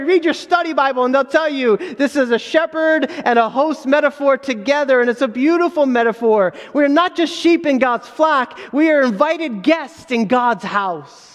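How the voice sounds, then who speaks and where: A man's voice: extremely high pitch, big-room sound. A man preaching a sermon as a pastor, earnest, with rising emphasis and frequent restarts.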